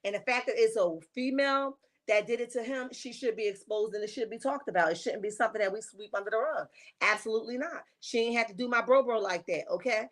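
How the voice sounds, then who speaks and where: Speaking at a quick pace in a slightly high voice, a woman hosts a casual reality-TV gossip livestream. She's sassy, emphatic and chatty, reading viewer comments out loud.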